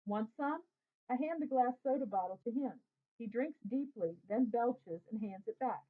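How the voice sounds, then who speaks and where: A woman reading a first-person novel aloud as an audiobook narrator, telling the story in a lively boy's voice. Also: fairly high pitch, moderate pace. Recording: tinny phone-like audio.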